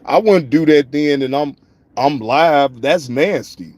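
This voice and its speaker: A man's voice: fairly high pitch, slow pace, darkish tone. A man hosting a casual live-stream reaction show, speaking, profane and repetitive, addressing viewers in the chat by name.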